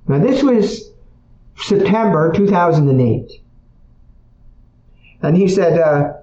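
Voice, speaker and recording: A man speaking on emotional healing tells stories conversationally to an audience, repeating his points and often checking in with "okay?". His voice is on the high side, expressive, and dark in tone, a little slow with long pauses. The room sounds echoey and dull.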